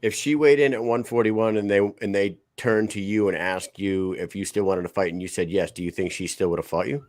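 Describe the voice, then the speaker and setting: A man's voice: on the low side, steady tone, brisk, few pauses, a little mellow. A man co-hosting a casual podcast, asking blunt questions with a bit of swearing. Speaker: podcast co-host.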